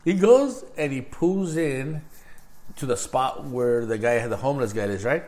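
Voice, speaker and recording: A man's voice: medium pitch, lively intonation, a little slow, darkish tone. A man in casual chat, telling a long story and acting out quotes in a raised voice with laughs.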